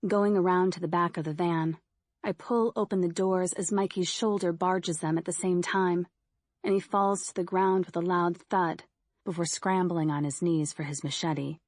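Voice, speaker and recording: A woman narrating a first-person horror audiobook in a steady, measured storytelling manner. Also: fairly low pitch, dry recording, clean studio sound.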